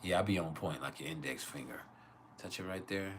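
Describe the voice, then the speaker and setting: A man's voice: sits low, fairly quick, soft background music. A man hosting an astrology livestream Q&A from home, talking in loose, profane, rambling rants with laughs. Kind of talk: casual livestream chat and Q&A.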